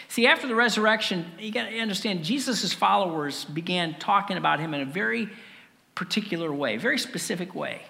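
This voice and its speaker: A man preaching a sermon with earnest rhetorical questions and dramatic pauses. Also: high voice, sing-song, creaky, pushed and bright, in a large hall. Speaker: pastor.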